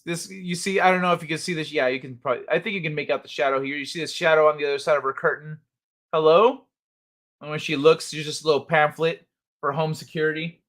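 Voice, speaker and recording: Bright high-voiced man, laughing stream host. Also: fairly even intonation, quick pace. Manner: laughs often, swears freely, reads headlines aloud. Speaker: livestream host. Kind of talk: casual late-night stream chat.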